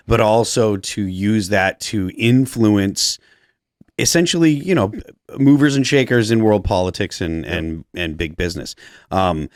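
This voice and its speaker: Deep-voiced man in dry studio. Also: no room sound. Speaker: co-host. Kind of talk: casual panel discussion. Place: podcast studio.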